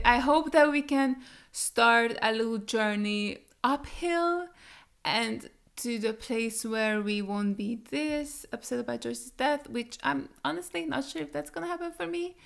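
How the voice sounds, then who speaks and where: A woman's voice: on the high side, gravelly. A young woman hosting a casual reaction video, rambling emotionally and swearing freely as she chats.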